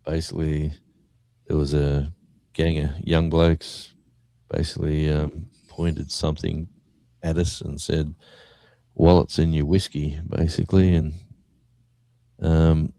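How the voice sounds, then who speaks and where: Very deep-voiced Australian man. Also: slow pace, gravelly, long pauses, no echo. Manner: animated storyteller acting out quotes. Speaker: guest musician. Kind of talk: casual anecdote storytelling.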